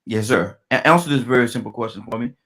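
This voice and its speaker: A middle-aged man hosting a call-in radio talk show, repeating himself and restarting his sentences, slowing right down to read out a phone number. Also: mid-range voice, fairly bright tone.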